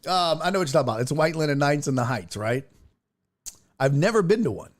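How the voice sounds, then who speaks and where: A fast-talking man with a voice on the high side hosts a casual sports talk stream. Into his desk mic, headphones on, he tells profane, animated stories and reads the chat out loud.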